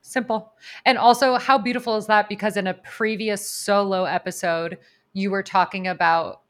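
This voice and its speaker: An animated woman co-hosting a podcast, chatting casually with a mid-range voice. She tells stories with lively energy and laughs easily along the way. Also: medium pitch, moderate pace. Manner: animated storyteller, bursts into laughter. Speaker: podcast co-host. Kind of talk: casual chat.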